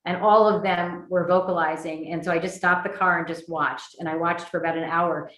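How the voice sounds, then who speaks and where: A woman's voice: fairly low pitch, steady tone, brisk, a bit bright. Chatty birding woman in an echoey room. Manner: chatty, with many fillers and restarts. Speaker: birding workshop presenter. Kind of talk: virtual lecture with slides.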